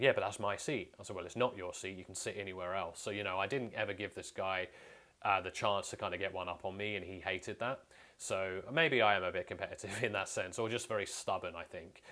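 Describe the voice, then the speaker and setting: Low-voiced guy, blunt and casual storyteller. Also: fairly bright tone. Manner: candid, blunt, swears freely. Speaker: vlogger.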